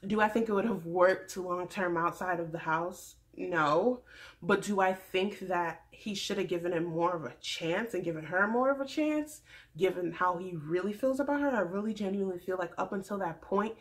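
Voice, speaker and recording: A woman hosting a casual recap vlog, chatty and opinionated, speaking straight to her viewers and swinging from loud emphasis to quiet asides. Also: fairly low pitch. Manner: chatty, addresses viewers as y'all. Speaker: reality TV recap vlogger.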